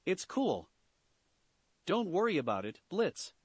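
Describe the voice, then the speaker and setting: Chill friendly teen boy, kinda high and bouncy, guy reading the part, dry sound. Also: wildly swooping pitch, takes it slowly, husky, no echo, full character voice. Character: easygoing teenage boy, friendly and calm.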